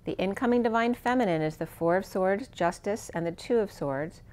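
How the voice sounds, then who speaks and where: A woman giving a spiritual tarot card reading, talking in a soft, meandering way with phrases that trail off, and saying she is losing her voice. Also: mid-range voice, moderate pace. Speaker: tarot reader.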